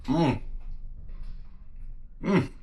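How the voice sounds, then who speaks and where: A man's voice: very slow, noisy background. A man hosting a casual cooking video, chatting to viewers as guys and tasting his food with pleased hums. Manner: talks while tasting, with mm sounds. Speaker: cooking channel host.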